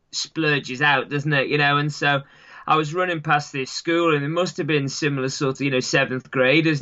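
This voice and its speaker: A man's voice: fairly high pitch, sharp tone. A man with an English accent, a runner who is the guest, talking casually in an interview and wandering through his thoughts with lots of "sort of" and "you know". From England. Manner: rambling, full of "sort of" and "you know" fillers. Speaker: guest, long-distance runner. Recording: dull lo-fi sound.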